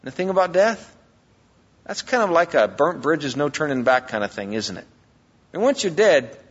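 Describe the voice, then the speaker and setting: A man preaching a sermon as a pastor, emphatic, swinging between loud and quiet. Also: sits high, slightly rough. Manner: emphatic preaching, rises and drops in volume. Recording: long hall reverb, dull lo-fi sound.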